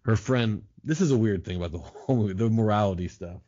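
A man with a very low voice chats as a podcast guest, cursing freely and riffing with sarcastic jokes. His talk is loose and casual. The recording sounds dull and lo-fi. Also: quick pace, mellow.

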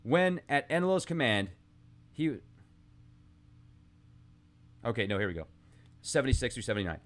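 A man's voice: medium pitch, sing-song, moderate pace. A man hosting a podcast, musing aloud in a rambling, casual monologue with asides, reading old texts aloud between his thoughts. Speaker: podcast host.

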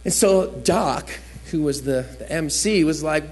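A man with a high voice tells his own testimony to a church gathering. He tells it as a vivid story, changing his voice to act out what others said. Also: measured pace, a little mellow, husky. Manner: storytelling, acts out quotes with shifting voice. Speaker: guest speaker giving testimony.

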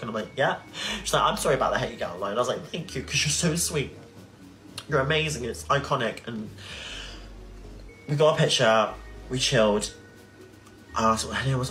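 On his livestream, a twentysomething creator delivers an emotional, indignant rant laced with frequent swearing. His voice sits mid-range with a fairly bright tone.

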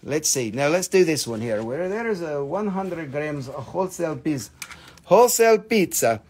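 A man's voice: a little high, lively intonation, moderate pace, a little mellow, slightly rough. A man hosting a live sales stream of stones, joking playfully while he counts pieces aloud and cuts prices. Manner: joking, playful, bursts into song. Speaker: live-stream seller of minerals.

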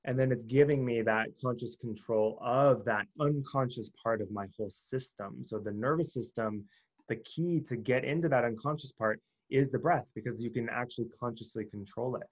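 A man's voice: medium pitch, moderate pace, lo-fi sound. A man guesting on a wellness interview, explaining breathwork in an earnest, conversational way with fillers.

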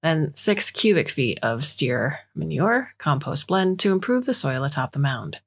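A woman reading a short story aloud in a measured storytelling manner as scripted narration. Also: deep voice, sing-song, vocal fry, breathy edge. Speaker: audiobook reader.

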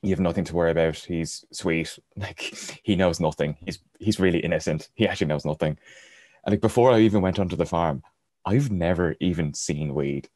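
Very low-voiced male guest, rambling anecdotal storyteller who laughs along. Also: fairly quick, darkish tone, no room sound, studio quality. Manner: rambling, chuckles through his anecdotes. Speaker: podcast guest. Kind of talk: casual storytelling.

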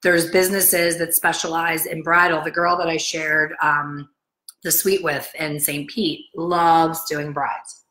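A middle-aged salon owner talks straight to camera in a casual, blunt, motivational way. Her voice sits low but comes out bright and forceful. She is chatty and animated, and she acts out the people she quotes. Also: unhurried, rough recording. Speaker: salon owner and hair colorist coach.

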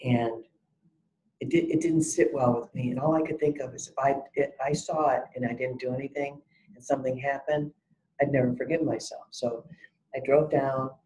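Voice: mid-range voice, fairly even intonation, normal speed, a little mellow, low-quality recording. A salon business educator giving an e-learning webinar talk, emphatic and fond of telling stories. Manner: emphatic, tells stories and acts out exchanges.

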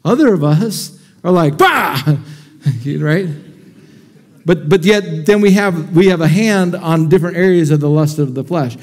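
A man with a notably high voice preaches to a congregation in a church. He talks energetically and conversationally, often tossing questions out to the people in front of him. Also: moderate pace, a little mellow. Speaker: pastor. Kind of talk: sermon. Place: church sanctuary before a congregation.

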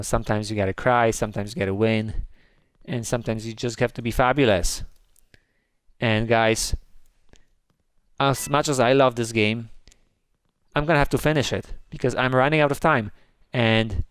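A man hosting a gaming video, commenting on his play with excitable, jumpy reactions. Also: medium pitch, clean tone, no room sound. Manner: jumpy, gasping and squealing when scared.

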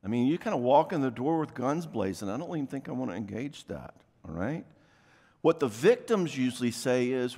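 A man giving a casual workshop talk at a marriage conference in a church, conversational and full of quick asides. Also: medium pitch, big pitch swings, a little mellow. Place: church venue, live talk. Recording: long hall reverb.

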